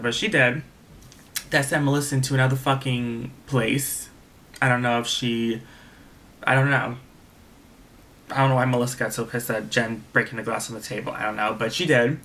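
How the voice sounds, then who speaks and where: A man's voice: medium pitch, moderate pace. Profane young man ranting casually. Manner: animated, profane, repeats himself. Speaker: reality TV reviewer. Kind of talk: casual video review rant.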